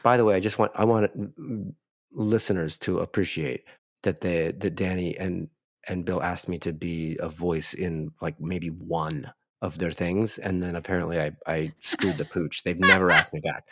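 A man's voice: low voice, steady tone, normal speed, fairly bright tone, no room sound, clean studio sound. An Australian man chatting casually as a guest player in a mystery game, chatty and self-mocking.

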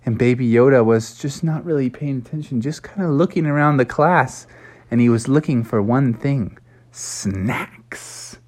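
A woman telling an improvised children's story to a child, playful and animated. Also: a bass voice, normal speed.

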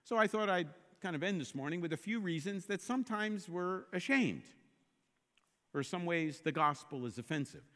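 Animated male preacher in an echoey hall. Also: high-pitched, normal speed. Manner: animated preaching, rising to emphatic repeated exclamations. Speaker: pastor. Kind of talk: sermon.

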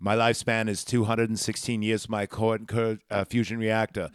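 A man quoting a stoic male cyborg, flat and matter-of-fact, a touch lower than his usual voice. Heard in a dry podcast recording. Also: moderate pace, clean tone, no room sound, natural voice.

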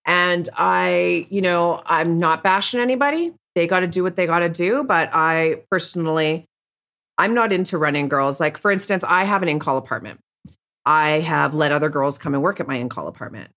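A woman's voice: lowish voice, moderate pace, a bit bright. A woman speaking candidly as an interview guest, bluntly and with frequent restarts. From Canada. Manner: blunt, rambling, many restarts. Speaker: podcast guest.

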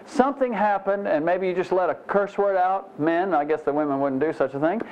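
A man teaches scripture in a relaxed, folksy sermon, dropping "you know" asides and poking fun at himself. His voice sits a little high for a man. The recording is dull and muffled. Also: a little fast. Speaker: pastor. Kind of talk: conversational Bible teaching sermon.

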